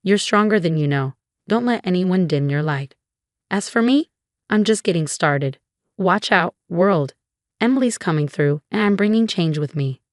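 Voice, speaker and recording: A young adult woman narrating a scripted first-person story in an even, conversational way. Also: lowish voice, normal speed, dry recording, studio quality.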